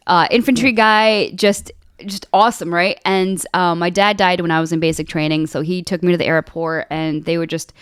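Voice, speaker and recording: A woman army veteran telling stories in a casual chat, animated and swearing freely, acting out the people she quotes. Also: lowish voice, normal speed, clean tone, dry recording, studio quality. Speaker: podcast guest, veterans service officer.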